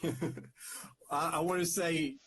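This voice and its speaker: A man, co-hosting a podcast, relaxed and rambling as he greets viewers and tells stories. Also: on the high side, extremely slow, slight background noise. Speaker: podcast co-host. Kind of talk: casual chat on a live stream.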